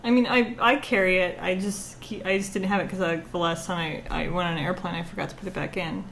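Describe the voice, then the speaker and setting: A woman's voice: fairly low pitch, steady tone, quick pace, gravelly, a bit bright, a little hiss or hum. A woman co-hosting a podcast, recapping a book in a blunt, sarcastic, casual way. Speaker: podcast co-host. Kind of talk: casual chat and chapter recap.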